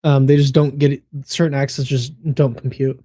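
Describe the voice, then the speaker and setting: Dark-toned American man, easygoing chat. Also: medium pitch, moderate pace, no room sound, clean studio sound. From United States. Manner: relaxed, rambling storytelling with fillers and laughs. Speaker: co-host. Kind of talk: casual podcast chat.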